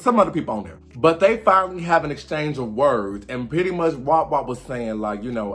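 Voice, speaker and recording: Young guy doing a sassy reality show recap, kinda high voice, mimics everybody. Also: moderate pace, few pauses. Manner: animated, imitates cast members' lines, sassy slang. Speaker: commentary host.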